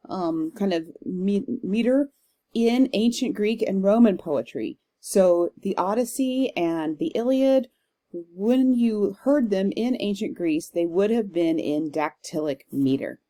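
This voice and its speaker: A woman's voice: fairly low pitch, mellow. A woman teacher giving a recorded lecture, explaining step by step with some fillers and reading verse aloud with strong stress. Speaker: literature teacher.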